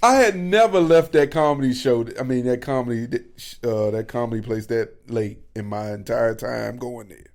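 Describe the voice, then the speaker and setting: A man co-hosting a podcast, telling stories in casual chat with animated, profane energy. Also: medium pitch, moderate pace, few pauses. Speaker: podcast co-host.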